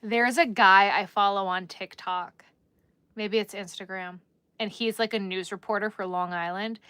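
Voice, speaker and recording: A woman's voice: medium pitch, fairly even intonation, moderate pace, fairly bright tone, smooth, no room sound. Chatty New Jersey woman on a livestream. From Newark, New Jersey. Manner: chatty and rambling, answering chat while crocheting. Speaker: livestream host. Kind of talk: casual livestream chat.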